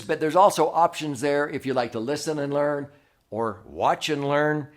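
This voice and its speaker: A man of middle pitch hosting a teaching monologue. He talks conversationally and keeps checking in with the listener with a quick "okay?" His voice sits right in the usual male range. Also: a bit bright. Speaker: host, financial educator.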